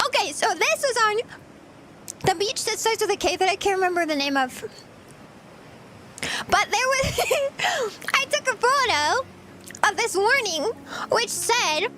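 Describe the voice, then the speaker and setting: A woman's voice: very high voice, very animated, unhurried, pauses often, pushed and bright, slight background noise. A woman VTuber streamer chatting casually with viewers while she eats, giggly and rambling. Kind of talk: casual livestream chat.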